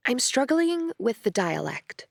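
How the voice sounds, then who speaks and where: A woman's voice: fairly high pitch, big pitch swings, unhurried, creaky, no room sound, voice pushed up, exaggerated voice. A woman voicing a charismatic actress, dreamy, earnest, audiobook figure, dry sound.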